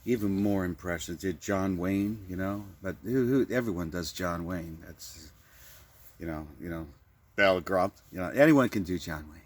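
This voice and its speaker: A man's voice: low-pitched, moderate pace. A man delivering a rambling, improvised comic monologue, often stammering and repeating words. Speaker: vlogger.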